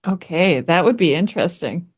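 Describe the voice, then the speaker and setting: A woman's voice: on the low side, expressive, normal speed, husky. A woman hosting a casual history podcast, agreeable and giggly as she chats. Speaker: podcast host.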